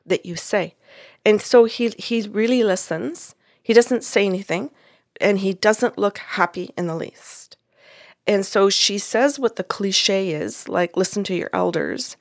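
A woman's voice: lowish voice, dry recording, clean studio sound. A woman who works as a psychic medium, telling a story in conversation and acting out the dialogue. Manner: retells events with quoted dialogue.

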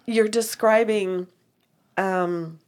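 Speaking very slowly in a medium-pitched voice, a medium recounts a reading as a storytelling chat. She animates the tale by quoting dialogue and playing both people in the conversation.

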